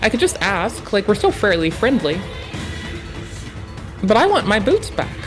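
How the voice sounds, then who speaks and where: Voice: medium pitch, big pitch swings, a little slow, music in the background. Profane, rambling streamer chatting live. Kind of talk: casual live-stream reaction chat.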